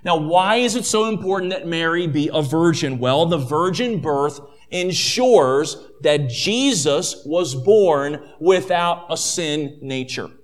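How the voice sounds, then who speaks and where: A man preaching a sermon, emphatic, repeating his key points and calling his listeners friend and family. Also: a little high.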